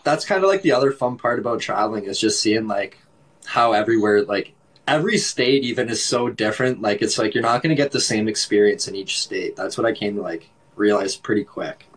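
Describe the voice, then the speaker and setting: A man's voice: lowish voice, a little fast, breathy edge, poor audio. A man with a Canadian accent chatting casually on a livestream, laid-back and laughing often, with lots of "like". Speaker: livestream host.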